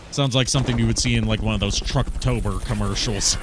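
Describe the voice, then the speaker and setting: A man's voice: fairly low pitch, steady tone, a little fast, hardly any pauses, fairly bright tone, a little hiss or hum. Rambling, joking male streamer. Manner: rambling, joking, filler-heavy. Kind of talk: casual gameplay commentary. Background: faint game music.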